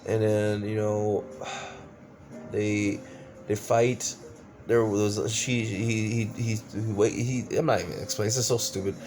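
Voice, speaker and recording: A man's voice: on the low side, flat delivery, takes it slowly, darkish tone, soft background music. Exasperated man ranting a movie review. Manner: exasperated, profane ranting with many fillers. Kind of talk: casual movie review rant.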